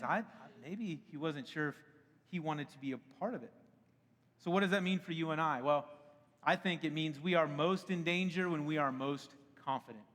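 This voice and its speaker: Animated male preacher in a big hall. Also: on the high side, moderate pace. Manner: conversational and animated, laughs often. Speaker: pastor. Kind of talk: sermon. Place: church auditorium. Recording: long hall reverb.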